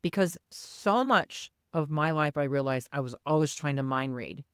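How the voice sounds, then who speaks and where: Low-voiced, smooth-toned woman podcaster. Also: normal speed, dry recording, clean studio sound. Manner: earnest, reflective, candid. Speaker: podcast co-host. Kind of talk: casual podcast chat.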